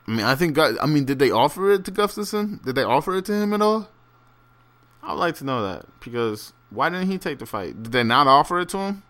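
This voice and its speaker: A man's voice: mid-range voice, lively intonation, fairly quick, a bit bright. Rambling, profane man ranting casually. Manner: rambling and profane, many fillers and restarts; incredulous ranting. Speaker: solo fight commentator. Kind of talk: casual unscripted monologue.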